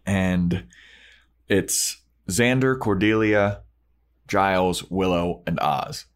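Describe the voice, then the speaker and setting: Low-voiced podcast host recapping casually. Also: male voice. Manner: retells scenes putting on quick character voices, swears casually. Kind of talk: casual recap chat with acted quotes.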